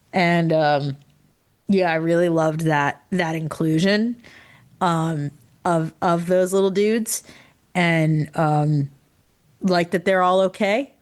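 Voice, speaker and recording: A tired woman co-hosting a podcast in casual chat, excited and laughing often. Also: lowish voice. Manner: excited, laughs often, puts on quick character voices. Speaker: podcast co-host.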